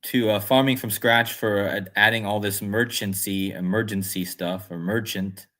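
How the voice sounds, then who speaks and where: A man's voice: lowish voice, fairly even intonation, moderate pace, bright, forceful tone. A man hosting a casual livestream, rambling and musing aloud as he reads chat comments. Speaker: livestream host.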